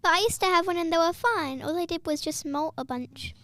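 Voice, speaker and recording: A woman's voice: extremely high pitch, brisk, a bit bright, no room sound. A young female guest chatting earnestly and matter-of-factly on a podcast. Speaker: child guest. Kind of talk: casual chat.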